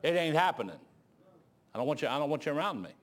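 A man preaching a sermon as pastor, telling folksy stories and swinging between low asides and loud exclaiming. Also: big pitch swings, fast.

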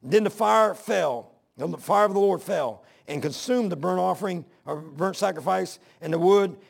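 A man's voice: high voice, moderate pace, creaky. A man preaching a sermon, rambling between scripture readings and asides.

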